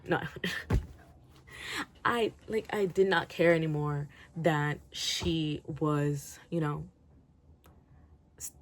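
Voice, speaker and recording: A woman rants through a book review in a loose, rambling video-diary style. Her voice sits a little low for a woman, and she swears freely and keeps breaking into laughter as her thoughts run on.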